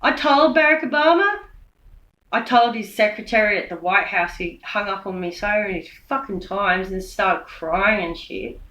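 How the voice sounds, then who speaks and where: A woman giving a rambling, profane monologue, swinging between loud rants and low mutters. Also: moderate pace. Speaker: vlogger giving a speech. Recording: echoey room.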